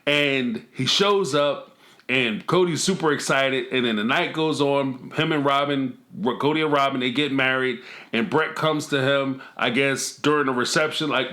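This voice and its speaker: A man's voice: mid-range voice, a little slow, bright, forceful tone. A man hosting a casual commentary vlog, talking in a slangy, mocking way and laughing often. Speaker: reality TV commentator.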